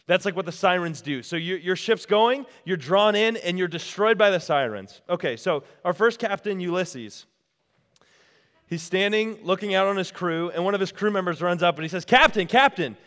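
A man's voice: high voice, moderate pace, a bit bright, big-room sound. A man giving a casual, storytelling sermon at a retreat, talking straight to the crowd. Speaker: retreat speaker. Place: retreat meeting room.

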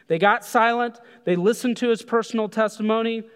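A man preaching a sermon, animated, acting out voices when he quotes people. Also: high voice, brisk, clean tone. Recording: long hall reverb.

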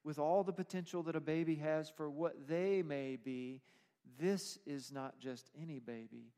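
A man's voice: a little high, measured pace, dark tone, smooth. A man preaching a sermon as pastor, explaining scripture in an emphatic way. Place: church sanctuary. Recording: long reverb of a church hall.

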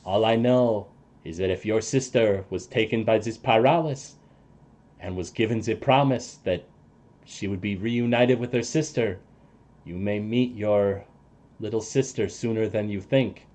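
A man playing a soft-spoken grave adventurer. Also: a little slow, lightly acted. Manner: low, quiet, solemn delivery.

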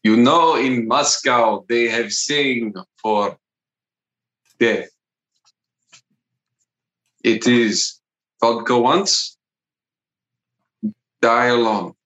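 A man's voice: on the low side, fairly bright tone. A man improvising a playful male Russian astronaut with a put-on Russian accent, telling folksy proverbs in a live improv scene. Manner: drawling folksy proverbs, sings a lullaby. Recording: roomy live stage recording.

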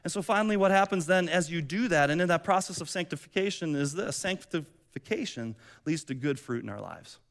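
A man's voice: a little high, expressive, fairly quick, few pauses, fairly bright tone. A man pastor giving a sermon in a conversational, chatty way, with many asides and restarts.

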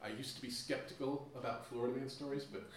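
Male live storyteller, wry and self-deprecating, stumbles and restarts often; boomy room, mic well away from him. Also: flat delivery, crowd noise. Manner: halting, self-mocking, frequent restarts. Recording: echoey room, distant mic.

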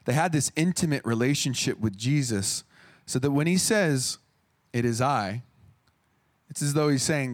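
A man's voice: medium pitch, expressive, normal speed, pauses often. A man in his thirties preaching a sermon in an earnest, conversational way, often restarting his phrases.

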